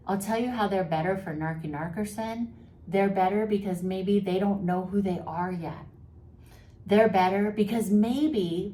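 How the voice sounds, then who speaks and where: A woman's voice: medium pitch, warm tone. A woman vlogger giving mental health advice straight to her viewers, sympathetic and chatty with a teasing, sarcastic edge. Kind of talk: direct-to-camera advice talk. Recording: roomy echo with faint background noise.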